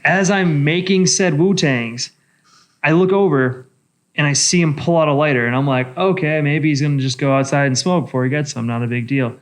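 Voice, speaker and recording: A man, a bartender, telling a bar story in casual chat, profane and animated. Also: fairly high pitch, brisk. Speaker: bartender and podcast co-host.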